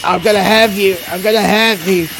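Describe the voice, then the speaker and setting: A man voicing a frantic, drugged-up man barricaded in a toilet, yelling strained threats, over a noisy recording. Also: high-pitched, steady tone, moderate pace, vocal fry, pitched above the performer's own voice. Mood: manic.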